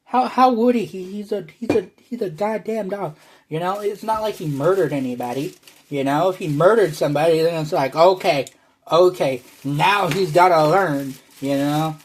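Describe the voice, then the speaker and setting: A man's voice: fairly high pitch, moderate pace, breathy edge. A man delivering a rambling, profane monologue to his viewers, playing up a brash, exaggerated online persona. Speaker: online video creator.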